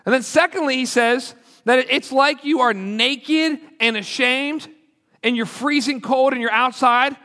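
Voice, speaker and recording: A man's voice: very high-pitched, a bit bright. A man preaching a sermon to a congregation in an earnest, conversational way, acting out quoted lines. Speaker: pastor. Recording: long hall reverb.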